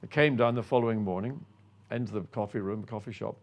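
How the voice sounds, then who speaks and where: A man's voice: lowish voice, brisk. An older man, a former racing driver, telling self-effacing stories from his career as a guest. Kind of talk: reminiscing anecdote.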